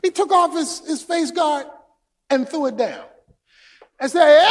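A man preaching a sermon as pastor, shouting for emphasis and telling stories with asides. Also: very high voice, animated, measured pace. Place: church sanctuary. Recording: long hall reverb.

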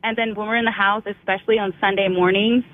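A woman's voice: medium pitch, fairly even intonation, fast talker. A woman in her thirties, a mother calling in to a radio show, telling a heartfelt story in a rambling, emotional way with many restarts. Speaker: caller. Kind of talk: call-in testimony. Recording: tinny phone line.

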